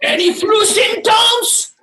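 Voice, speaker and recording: A man's voice: very high-pitched, slow pace, pitched above the performer's own voice, exaggerated voice. A man voicing a supermarket bouncer who barks health-check questions. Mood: barking. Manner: barking, loud questioning.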